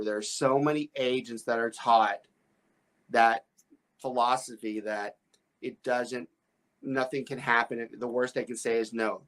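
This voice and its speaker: Broker guy on a podcast rambling through a story, lots of restarts and laughs, average pitch. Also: a bit bright. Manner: rambling, with many restarts and stammered repeats; laughs often while telling stories. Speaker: real estate broker and podcast host.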